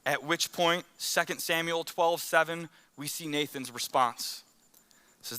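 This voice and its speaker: A man's voice: a little high, a little slow, pushed and bright, smooth. A man preaching a conversational sermon, telling stories and acting out the quotes in them. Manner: acts out quotes in the story. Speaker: pastor.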